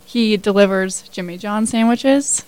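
A woman's voice: mid-range voice, a little slow, a little mellow, smooth, no echo, rough recording. A woman in her twenties, a new hire telling her story as a guest in a casual radio interview, chatty with many fillers. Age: 20s.

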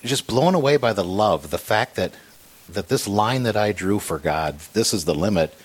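A man earnestly recounting a painful hospital stay in a conversation about faith, halting and restarting as he talks. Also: on the low side, animated, slightly rough. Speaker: guest sharing a personal story.

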